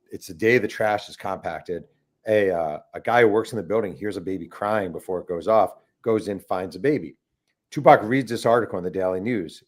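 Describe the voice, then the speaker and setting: A middle-aged man, an author guest, telling a story animatedly in a casual interview and acting out the voices he quotes. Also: fairly low pitch.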